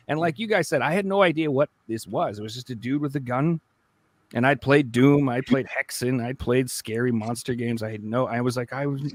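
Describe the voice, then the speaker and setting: A man co-hosting a casual podcast chat, telling a story with lively acted-out quotes and sudden jumps up in pitch. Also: brisk, dry recording. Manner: animated storyteller, acts out his younger self with big jumps in pitch. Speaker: podcast co-host.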